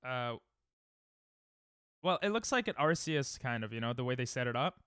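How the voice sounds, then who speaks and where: A man's voice: mid-range voice, expressive, moderate pace, fairly bright tone, smooth, dry recording, studio quality. A young man casually chatting with viewers during a livestream, rambling and self-deprecating, often restarting his sentences. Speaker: streamer. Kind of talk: casual livestream chat while speedrunning.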